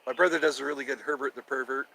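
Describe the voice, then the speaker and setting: A man's voice: mid-range voice, fairly even intonation, racing, vocal fry, bright, forceful tone, slight background noise. A man hosting his own show in a playful, rambling monologue, goofing around between topics. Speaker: host.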